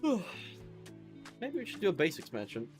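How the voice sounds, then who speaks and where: A sleepy, yawning man streams a game with faint music behind him, reading out menu items and rambling in a tired, offhand way. His voice sits a little high, swings hugely in pitch, and moves at normal speed. It's casual gameplay commentary.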